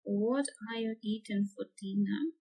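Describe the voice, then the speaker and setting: Slow, hesitant woman teaching grammar. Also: mid-range voice, warm tone, husky, low-quality recording. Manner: hesitant, many fillers and restarts. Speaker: English teacher. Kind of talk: grammar lesson.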